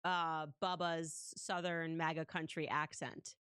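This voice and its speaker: A woman's voice: low-pitched, flat delivery, slow pace, a bit bright, clear, resonant tone, dry recording, clean studio sound. A woman hosting a casual interview, asking questions in a sardonic, amused way. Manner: sardonic, laughs often. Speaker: podcast host.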